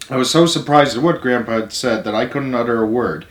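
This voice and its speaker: A man reading a novel aloud as storyteller, steady, with small self-corrections. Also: medium pitch, a little fast, few pauses. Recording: roomy echo.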